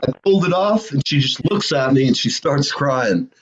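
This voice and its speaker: A man's voice: mid-range voice, lively intonation, moderate pace, heavy background noise. A man hosting a casual live show, telling rambling stories with lots of fillers. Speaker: host. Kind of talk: casual storytelling chat. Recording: lo-fi dull sound.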